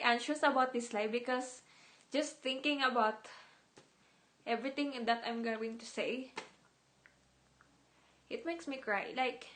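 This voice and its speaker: A young woman with a high voice chats on her livestream at an unhurried pace. She rambles with feeling, doubles back on her words and drops in the odd Tagalog phrase. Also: fairly bright tone. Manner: emotional, rambling, repeats words. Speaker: idol livestreamer. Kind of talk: casual livestream chat.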